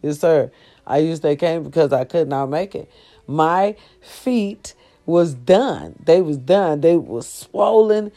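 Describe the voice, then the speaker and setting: A woman sitting on her bed, in pain, telling a profane, animated story straight to her viewers. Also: deep voice, slow. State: sore, in pain. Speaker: vlogger. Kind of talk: casual storytelling vlog.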